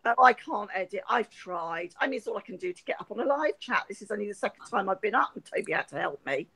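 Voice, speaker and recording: Gravelly, well-spoken Englishwoman. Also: mid-range voice, lively intonation, fast, sharp tone, rough recording. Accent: posh southern English. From Hampshire, England. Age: middle-aged. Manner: chatty, rambling, laughs often, swears freely. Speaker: guest. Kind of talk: casual live-chat conversation.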